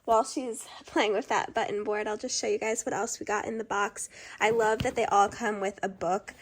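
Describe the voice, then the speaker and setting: A woman's voice: mid-range voice, fairly even intonation, normal speed, slight background noise. A young woman, a stay-at-home mom, reviewing a toy kit in casual chat, audibly out of breath, with lots of ums and likes. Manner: chatty, many ums and likes.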